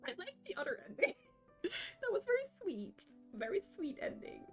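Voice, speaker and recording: A woman's voice: very high voice, huge pitch swings, moderate pace, soft background music. A young woman streaming a game live, emotional and giggly, reading the story text aloud. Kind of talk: live gameplay commentary.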